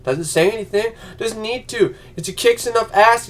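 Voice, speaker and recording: A man vlogging an angry, profane movie rant, yelling and mocking other people's voices. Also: high voice, fairly quick, noisy background.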